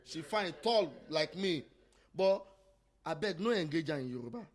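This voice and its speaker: A man's voice: a little high, animated, moderate pace. A Nigerian man co-hosting a podcast, arguing in casual chat and switching between English and Yoruba. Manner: interrupting, mixes English and Yoruba. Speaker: podcast co-host.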